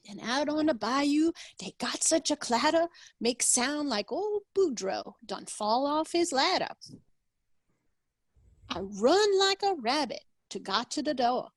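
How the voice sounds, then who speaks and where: A woman's voice: high voice, sing-song, slow, no echo, voice pushed up, heavily acted. A woman putting on a Cajun-accented poem reciter. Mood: folksy, storytelling. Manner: sing-song rhyming recitation. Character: Cajun storyteller reciting a rhyming Christmas poem. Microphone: video call.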